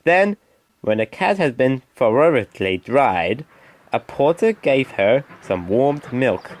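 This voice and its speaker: Expressive man reading a storybook. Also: medium pitch, slow pace, slight background noise. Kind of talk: reading a children's storybook aloud.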